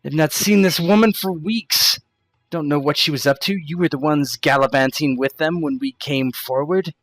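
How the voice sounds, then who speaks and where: A man voicing a sharp, dismissive young woman servant in a tabletop role-play. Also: low voice, normal speed, no echo, soft background music, voice pushed up. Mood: indignant.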